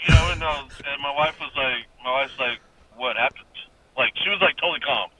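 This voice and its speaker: A young adult man calls in over a muffled phone line with faint hiss to share a personal ghost story. His voice is a little high and his pace quick, and he rambles, swears casually, and laughs often.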